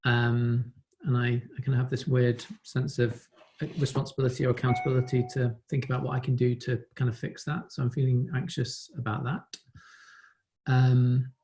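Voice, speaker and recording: A man's voice: mid-range voice, level tone, normal speed, a little mellow, a little hiss or hum. A man from England with an English accent, a business owner, speaking reflectively on a video call, hedging often. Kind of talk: casual chat on a video call.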